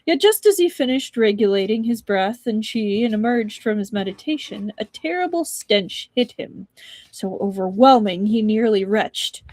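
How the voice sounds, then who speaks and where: A woman's voice: mid-range voice, animated, normal speed, darkish tone, dry recording. A young woman reading a novel aloud on a live stream, breaking off for chatty asides to her viewers. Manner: chatty asides between narration.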